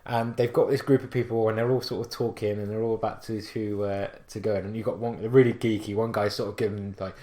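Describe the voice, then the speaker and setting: A man with a West Country English accent co-hosting a gaming podcast, telling stories in a rambling, animated way full of restarts. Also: on the low side, fast talker, few pauses, reverberant. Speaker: podcast co-host. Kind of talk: casual chat.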